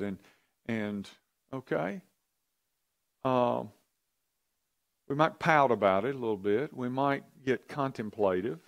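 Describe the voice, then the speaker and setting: A man's voice: medium pitch, takes it slowly, vocal fry, pauses often. A man leading an interactive church teaching, conversational, asking the audience questions and often repeating himself. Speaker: pastor or Bible teacher.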